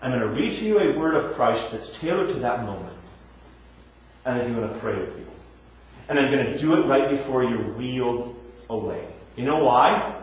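A man's voice: medium pitch, moderate pace. A man, a pastor, teaching in a conversational sermon, asking questions and answering them himself. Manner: animated, shifting from emphatic to quiet. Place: church. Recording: echoey church room.

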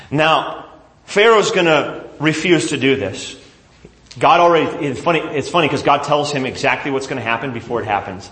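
A man teaching a Bible lesson to a class with handouts, retelling the story in an animated, conversational way. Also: on the high side, normal speed, reverberant.

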